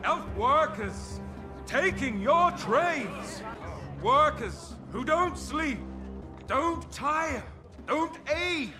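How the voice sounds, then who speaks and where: An actor playing a politician rousing a crowd against elves, delivering slow, emphatic lines in a series clip. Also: male voice, extremely high pitch, expressive, full character voice. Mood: stirring, ominous. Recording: clip with music behind.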